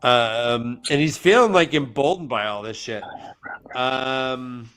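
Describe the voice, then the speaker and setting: A man's voice: mid-range voice, slow pace, fairly bright tone. A man co-hosting a podcast, retelling a book chapter in a rambling casual way with lots of restarts. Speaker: podcast co-host.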